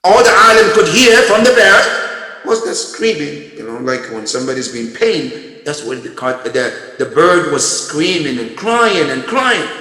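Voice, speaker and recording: A man giving a storytelling sermon as a religious lecturer, moving between loud, raised passages and hushed, quiet ones. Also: a little high, expressive, unhurried. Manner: dramatic swings from loud to hushed. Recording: echoey hall with long reverb.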